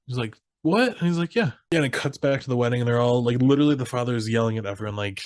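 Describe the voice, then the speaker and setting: A young podcast co-host with a medium-pitched voice talks fast with hardly any pauses, in a clean, dry studio recording. He casually recaps a comedy film, animatedly quoting characters, swearing and laughing along the way.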